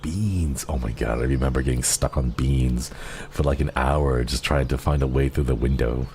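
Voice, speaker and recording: A man's voice: very deep voice, moderate pace, creaky, slight background noise. A male streamer chatting casually, tender and giggly, easily moved. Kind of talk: casual live-stream chat. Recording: background music under the voice. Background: soft background music.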